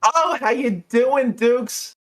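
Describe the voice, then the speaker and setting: A man voicing a shrill gushing bartender lady. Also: expressive, takes it slowly, exaggerated voice.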